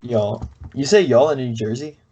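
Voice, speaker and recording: A young man from Texas drops wry, joking asides in a casual podcast chat. His voice is mid-pitched and relaxed. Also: moderate pace, lo-fi sound, slight background noise. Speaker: podcast co-host.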